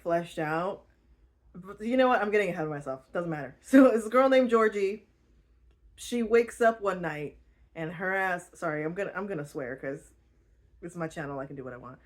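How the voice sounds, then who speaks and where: A young woman hosting her own channel, recapping a novel in loose, slangy chatter. She swears freely, laughs often and tells the story casually. Her voice sits a bit low for a woman. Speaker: channel host.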